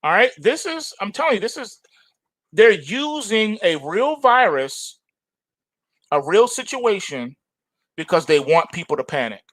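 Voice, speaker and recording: A middle-aged man hosting a market show, delivering a forceful, repetitive opinion monologue. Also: high-pitched, very animated, unhurried, dry recording, rough recording. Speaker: trading show host.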